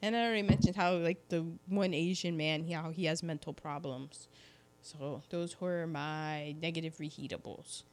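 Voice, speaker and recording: A woman in casual conversation, talking in an animated way and slipping into voices when she quotes people. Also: sits low, normal speed. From California. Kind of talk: casual chat.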